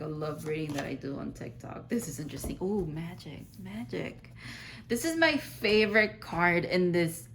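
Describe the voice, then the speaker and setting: A woman's voice: on the low side, noisy background. A woman giving a casual, rambling tarot reading to her viewers, full of "like" fillers and effusive reassurance. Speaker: tarot reader.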